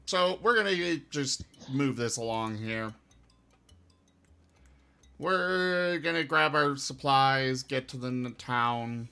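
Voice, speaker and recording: Man, tabletop player, slow rambling talker, bright voice. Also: medium pitch, gravelly, smooth. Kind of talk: casual tabletop chat.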